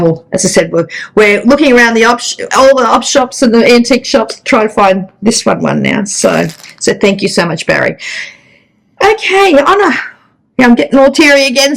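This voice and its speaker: A woman's voice: medium pitch, low-quality recording. A woman hosting a casual stitching vlog, chatty and rambling with restarts. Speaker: flosstube host. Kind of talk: casual chat.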